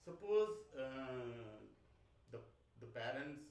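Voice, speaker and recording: A man's voice: medium pitch, sing-song, takes it slowly, a little mellow. A man giving a university lecture to a class, asking questions and repeating phrases. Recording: echoey classroom, speaker far from mic.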